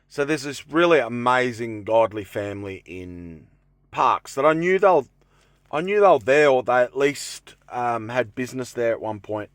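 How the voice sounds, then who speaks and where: Young male vlogger, loose and rambling, mid pitch, dry close sound. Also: no room sound. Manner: rambling, lots of fillers and restarts. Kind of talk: casual vlog talk to camera. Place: inside his camper van.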